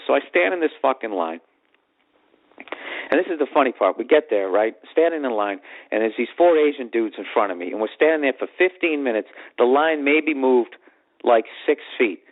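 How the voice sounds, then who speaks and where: A man's voice: mid-range voice, lively intonation, normal speed. A man with a Boston accent telling a comic story on his podcast in a profane, exasperated ranting manner. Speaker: podcast host. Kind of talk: comedic storytelling monologue. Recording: tinny phone-like podcast audio.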